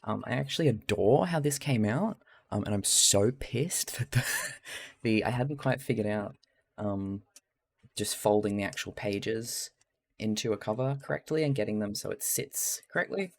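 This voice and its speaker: A man's voice: on the low side, normal speed, vocal fry. An Australian man who streams live, talking casually and chattily to his chat while he crafts, rambling a little, laughing often and swearing freely.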